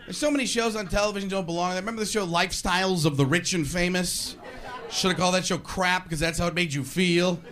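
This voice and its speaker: A man's voice: high-pitched, fast. A man doing a sarcastic stand-up comedy routine, acting out voices along the way. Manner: sarcastic, animated, acts out voices. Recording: noisy live show recording.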